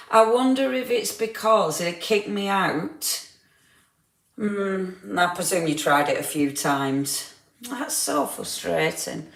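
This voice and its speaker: A woman chats to viewers on a crafting livestream, her voice sitting on the low side. She laughs often and teases them in a loose, friendly way. The room gives her voice a noticeable echo. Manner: chatty, laughs often, teasing. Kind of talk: casual live chat with viewers.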